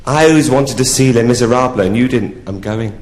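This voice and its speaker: A man's voice: medium pitch, fairly quick, darkish tone, lightly acted. A drag performer voicing an elderly widowed aunt who gloats over her late husband's ashes. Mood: gloating. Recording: echoey theatre with audience ambience.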